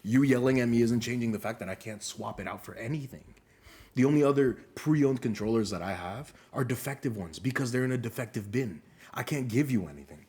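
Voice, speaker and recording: A young man co-hosting a casual podcast, telling animated stories, swearing often and acting out what people said. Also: mid-range voice, a little fast. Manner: animated storyteller, swears a lot, acts out quotes. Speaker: podcast co-host. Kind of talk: casual storytelling chat.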